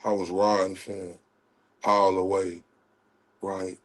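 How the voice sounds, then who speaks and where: A man hosting a livestream, ranting in a heated, profane way and swinging between loud outrage and quiet apologies. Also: low-pitched, level tone, slow. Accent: Southern US. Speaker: livestream host.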